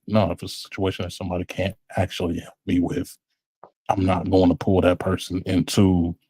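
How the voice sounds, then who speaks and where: A man talking in a casual, thoughtful way on a podcast, pausing and restarting as he works through his thoughts. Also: sits low, darkish tone, husky, dry recording. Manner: thoughtful, halting. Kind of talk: casual reflective talk.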